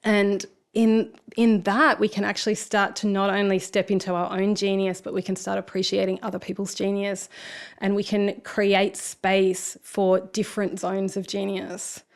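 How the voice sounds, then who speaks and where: A woman's voice: medium pitch, little pitch movement, moderate pace. A woman in her forties with an Australian accent, a podcast guest telling stories in casual conversation and swearing freely. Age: 40s. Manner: frank storytelling with frequent swearing. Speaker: podcast guest, speaker and coach.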